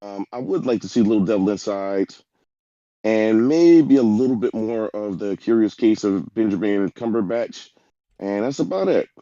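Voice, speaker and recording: Man, podcast guest, emphatic, dark mellow voice, dull lo-fi sound. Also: fairly low pitch, moderate pace, no room sound. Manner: emphatic, rambling. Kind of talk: casual podcast chat. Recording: dull dry lo-fi mic.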